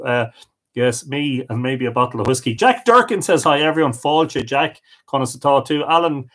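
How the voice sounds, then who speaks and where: A man's voice: mid-range voice, breathy edge. An Irish man hosting a live stream, reading out viewer comments and greeting each person, sometimes stumbling over unfamiliar names. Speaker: host of a live storytelling stream.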